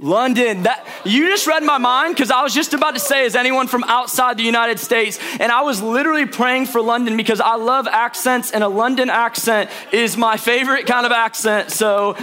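A man's voice: very high-pitched, steady tone, normal speed, hardly any pauses, sharp tone. A young man from St. Louis, a pastor preaching a sermon with chatty storytelling and playful asides to the congregation. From St. Louis, Missouri. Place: church auditorium before a congregation.

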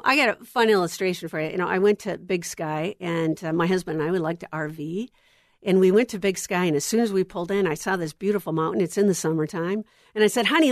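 A middle-aged woman giving a sermon to women, telling a personal story with lively acted-out dialogue. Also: mid-range voice, no room sound, studio quality. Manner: animated storyteller, acts out dialogue. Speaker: women's ministry speaker.

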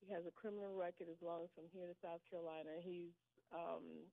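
A woman's voice: fairly low pitch, flat delivery, quick pace, gravelly, no room sound. Hesitant middle-aged woman on a tinny phone line. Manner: hesitant, full of ums and restarts. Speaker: caller. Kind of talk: phone-in conversation. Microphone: telephone.

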